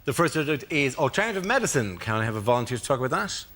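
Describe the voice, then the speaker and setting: A man hosting a panel show, brisk and announcing rounds. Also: medium pitch, big pitch swings, a bit bright, a little hiss or hum. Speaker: host.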